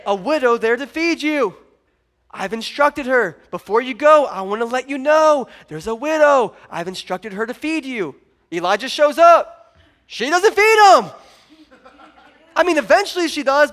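A man preaching a sermon to his congregation, joking and animated, often rising to loud emphasis. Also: very high voice, a little fast. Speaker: pastor.

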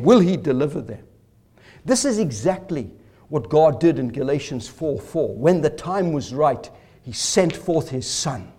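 A man's voice: high-pitched, darkish tone. A man preaching a sermon, asking rhetorical questions and repeating phrases for emphasis.

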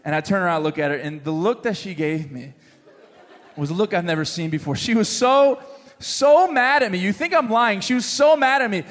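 A high-voiced man preaches in a big hall with long reverb, telling stories with plenty of jokes. He talks straight to his congregation and teases them. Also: normal speed. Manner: animated storyteller, jokes with the congregation. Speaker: pastor. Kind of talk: sermon with a humorous story.

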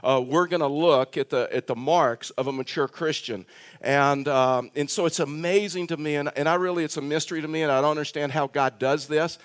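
A male pastor giving a conversational sermon in an earnest tone, reading scripture aloud. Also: a little high.

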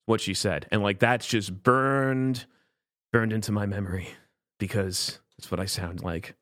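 A man's voice: fairly low pitch, normal speed, fairly bright tone, dry recording, clean studio sound. A young man from Florida in casual chat, talking emphatically and ranting with rising indignation. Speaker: conversation partner.

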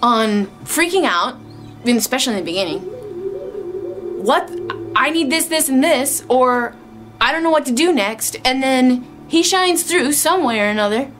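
A woman's voice: high voice, animated, moderate pace, fairly bright tone. A woman sharing an emotional, exclamatory faith testimony, with music underneath. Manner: emotional, exclamatory, tearful at moments. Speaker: Christian speaker sharing testimony.

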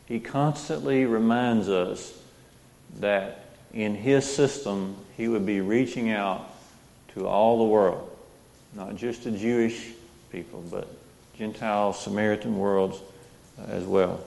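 A man with a low, gravelly voice leads a Bible class. He reads verses aloud and puts questions to the group as he goes. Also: steady tone, slow, a little mellow, long reverb tail. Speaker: Bible study teacher.

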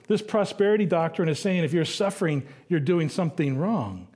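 A middle-aged male pastor giving a conversational sermon, slowing down to read scripture aloud. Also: fairly high pitch, expressive, darkish tone. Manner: conversational preaching, reads scripture slowly.

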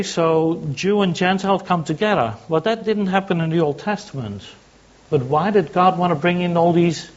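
A man's voice: fairly high pitch, highs cut off. A man preaching a sermon, teaching by asking questions and answering them himself. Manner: teaching, asks and answers his own questions.

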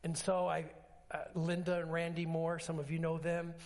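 A man pastor preaching a sermon, telling stories with acted-out dialogue and emphatic swings in pitch. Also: completely flat delivery, moderate pace, creaky, darkish tone. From Alaska.

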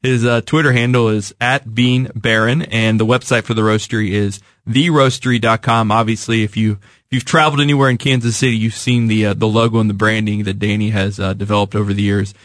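A man hosting a business talk show in a studio, introducing guests with halting speech full of fillers and repeated words. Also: fairly low pitch, fairly even intonation, fairly bright tone, dry recording. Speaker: show host. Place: radio studio.

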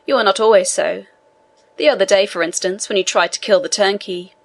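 A woman's voice: medium pitch, a little fast, creaky, low-quality recording. A woman voicing a male prison governor who speaks in a dry, matter-of-fact way in a storybook reading.

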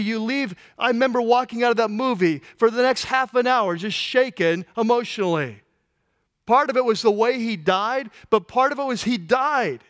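A man preaching a sermon, telling stories and acting out quoted voices as his intensity rises. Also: very high-pitched. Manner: animated storytelling, acts out voices, rising intensity. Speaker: pastor.

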